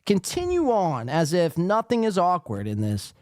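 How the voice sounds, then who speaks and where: A man's voice: sits high, wildly swooping pitch, normal speed, darkish tone, no room sound, clean studio sound. A man from the East Coast hosting a podcast, reacting sarcastically to a livestream and reading chat aloud with plenty of swearing. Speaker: podcast host. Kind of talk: casual commentary on a livestream.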